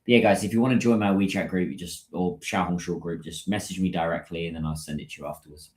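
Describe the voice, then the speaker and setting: A man's voice: deep voice, steady tone, fast, a little mellow, roomy sound. A British man hosting a casual livestream, chatting and answering viewers' comments as they come in. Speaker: livestream host.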